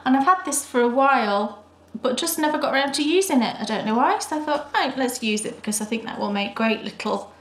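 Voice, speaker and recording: A British woman co-hosting a knitting podcast, chatting and gushing warmly over her projects. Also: high voice, lively intonation, fairly quick. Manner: chatty and enthusiastic, gushing praise. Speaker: podcast co-host. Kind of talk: casual chat. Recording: roomy echo.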